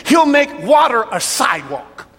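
A man preaching as a pastor, rising to shouts and dropping to a hushed prayer over an altar call. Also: very high-pitched, big pitch swings, unhurried. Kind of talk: sermon. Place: church hall. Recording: long hall reverb, soft music behind.

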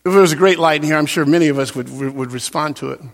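A male pastor preaches in a church with a notably high voice. He swings from loud, shouted emphasis down to soft, hushed lines. The sound carries a long reverb from the sanctuary. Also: racing. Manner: preaching with sudden loud peaks and soft drops. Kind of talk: sermon.

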